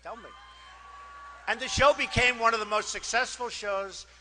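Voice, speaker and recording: A man giving a campaign rally speech as a political candidate. He is boastful and rambling, repeats himself, and swings between loud declarations and quiet asides. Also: very high voice, steady tone, normal speed. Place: rally crowd.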